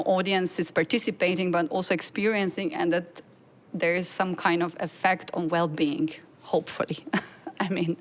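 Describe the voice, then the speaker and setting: A woman composer answering a question on a panel, speaking in a searching way and laughing between phrases. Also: on the low side.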